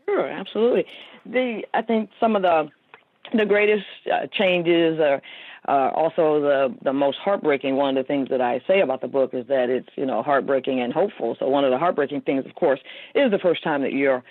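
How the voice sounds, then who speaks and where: A woman's voice: sits low, a little fast, no room sound. Woman in her fifties on a tinny phone line. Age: 50s. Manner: heartfelt, rambling, many fillers. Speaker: guest author. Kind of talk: personal storytelling in an interview.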